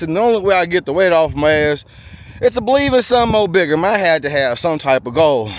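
A man, talking to the camera in a preachy rant while walking outdoors on a bayou trail, sweaty and short of breath. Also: a little high. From USA. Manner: loud, preachy rants with frequent laughs. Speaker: vlogger. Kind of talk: walking vlog monologue. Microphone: handheld camera while walking.

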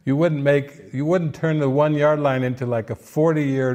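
A man's voice: fairly high pitch, fairly even intonation, moderate pace, hardly any pauses, darkish tone. A man giving casual spiritual commentary in an earnest, playful way, now and then acting out little quoted voices.

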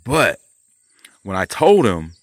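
A man with a fairly low voice talks straight to his viewers in a loose, rambling way, full of swearing and slang. He pieces his story together as he goes, in a conspiratorial tone. The sound is dry and close, with no room around it. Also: big pitch swings, takes it slowly, no echo. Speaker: vlogger and painter. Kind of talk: rambling casual monologue to camera.

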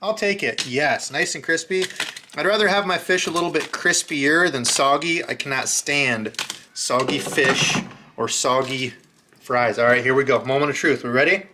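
A man with a bright, forward voice narrates a casual cooking vlog from his home kitchen. He keeps it loose and joking, talking his way through each step as he works at the stove. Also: mid-range voice, a little hiss or hum. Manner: loose, joking, talks while he cooks. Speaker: fishing channel host.

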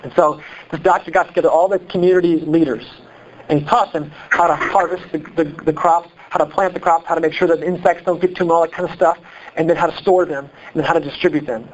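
A pastor from Iowa with a Midwestern accent, preaching a sermon in an animated, conversational way full of rhetorical questions. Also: male voice, on the high side, fast, dull audio. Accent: Midwestern American.

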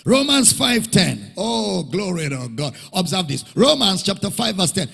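A male preacher with a high, lively voice that climbs and falls widely as he teaches, unhurried and emphatic. His tone is gravelly and husky, and it carries with a long reverb through a large church hall. He repeats key phrases and draws responses from the congregation. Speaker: pastor. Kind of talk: sermon.

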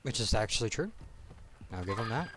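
Young male gamer, casual and foul-mouthed, lively pitch, prone to sudden loud outbursts. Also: brisk, noisy background. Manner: profane, excitable, frequent loud outbursts. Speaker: game streamer. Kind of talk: casual live-stream commentary.

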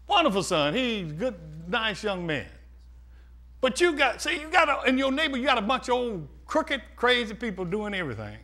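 Preacher guy, high bright voice that jumps all over, shouts then goes quiet. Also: very animated, normal speed. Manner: call-and-response preaching, swings from shouting to hushed. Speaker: pastor. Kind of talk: sermon.

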